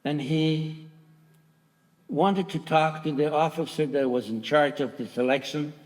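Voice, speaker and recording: A man in his nineties giving personal testimony to a large theatre audience, speaking haltingly with restarts and raising his voice when quoting others. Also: fairly high pitch, steady tone. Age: 90s. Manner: halting, with restarts, voicing quoted dialogue louder. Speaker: Holocaust survivor giving testimony. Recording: long theatre reverb.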